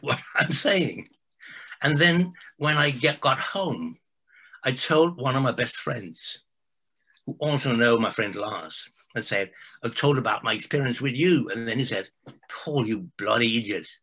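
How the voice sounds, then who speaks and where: An older man, speaking English as a guest. His voice is husky yet bright. He tells his story haltingly, restarting his sentences. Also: medium pitch, low-quality recording. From Denmark. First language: Danish. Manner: halting, with restarts and soft laughs. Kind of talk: storytelling in conversation.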